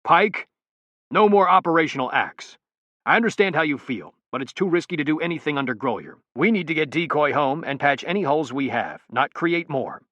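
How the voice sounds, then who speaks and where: A man voicing a gruff male military commander who gives clipped, urgent orders. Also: fairly high pitch, expressive, fairly quick, a bit bright, no echo, lo-fi sound, pitched above the performer's own voice. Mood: firm.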